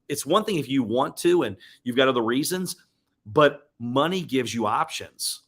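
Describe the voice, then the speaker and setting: A man's voice: mid-range voice, animated, normal speed, a bit bright. A man hosting a motivational live stream, speaking earnestly and emotionally. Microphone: webcam or desk mic on live stream.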